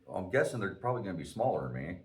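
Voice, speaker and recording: A man's voice: low-pitched, big pitch swings, rapid-fire, recorded from a distance. A man in his forties, a podcast host, telling a profane, self-mocking story in casual chat.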